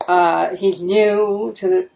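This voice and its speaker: Gravelly low woman, blunt guest. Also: steady tone, slow pace, darkish tone, slight background noise. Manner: blunt, dismissive opinions. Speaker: podcast guest. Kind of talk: casual chat.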